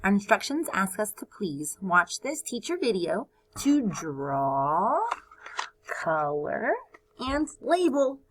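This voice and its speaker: In a recorded video lesson for first graders, a woman teacher speaks in a mid-range, sing-song voice. She's encouraging and sounds out words slowly for the kids.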